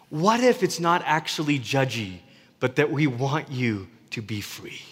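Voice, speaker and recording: A man's voice: mid-range voice, lively intonation, measured pace, slightly rough. A man preaching a sermon as a pastor, earnest and conversational, often restarting his words. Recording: reverberant hall.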